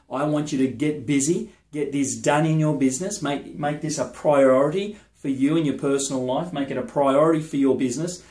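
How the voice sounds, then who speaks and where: A man's voice: fairly high pitch, steady tone, brisk, few pauses, a little mellow, echoey room. A man, a business and sales coach, gives an emphatic motivational talk to camera. He keeps checking in with the listener.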